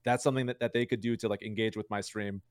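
A man's voice: lowish voice, fairly even intonation, quick pace, dry recording, studio quality. A man talking as a streamer guest in a casual interview, rambling with lots of "like" and "you know" fillers.

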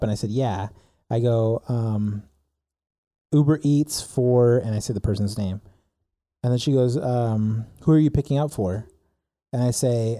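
Young guy telling a story, super mellow dark voice, acts out all the lines, dry close mic. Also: mid-range voice, no room sound. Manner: animated storyteller, acts out dialogue with filler words. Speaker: podcast co-host telling a story. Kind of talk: casual storytelling chat.

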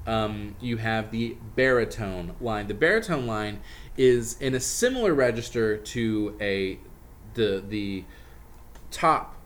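A man's voice: fairly low pitch, expressive. Joking man explaining singing. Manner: joking, explains with quick asides. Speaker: comedian teaching barbershop singing. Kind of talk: casual group chat.

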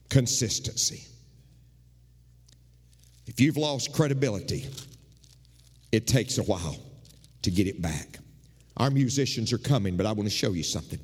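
A man preaching as pastor in a church, animated and rising in pitch as he drives his points home. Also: husky, in a large hall. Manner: animated preaching, mimics congregants with shifting pitch. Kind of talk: sermon. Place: church sanctuary.

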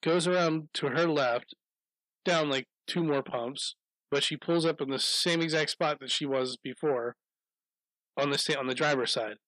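A man's voice: on the high side, moderate pace, a bit bright, no echo, low-quality recording. A man telling a rambling anecdote in casual chat, swearing often and laughing as he goes.

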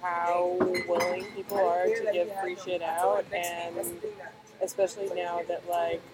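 A young woman chatting casually, rambling and filling her talk with pauses and fillers. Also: lowish voice, flat delivery, crowd noise. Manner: rambling, filler-heavy storytelling. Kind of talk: casual chat. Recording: noisy background.

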